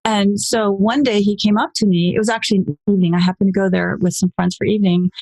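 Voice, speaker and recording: Woman in her 40s, guest storyteller, lively, acts out quotes, dry close mic. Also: quick pace, no echo. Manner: animated, acts out quoted voices with pitch jumps. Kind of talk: casual storytelling interview.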